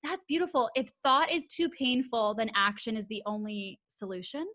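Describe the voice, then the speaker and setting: A woman hosting a casual podcast interview, gushing and excitable, swearing freely. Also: a little high, normal speed. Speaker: podcast host.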